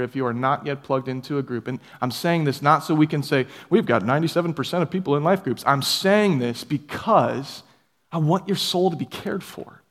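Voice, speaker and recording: A man's voice: mid-range voice, big-room sound. A man preaching a sermon as pastor, earnest and conversational, building up to emphatic passages. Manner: earnest, rising to emphatic peaks. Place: church sanctuary.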